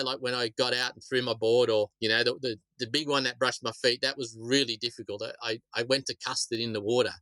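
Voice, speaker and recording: A man's voice: medium pitch, sharp tone, no echo, poor audio. A middle-aged Australian man, a shark attack survivor, telling stories casually in a rambling way, often repeating words. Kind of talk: casual storytelling interview.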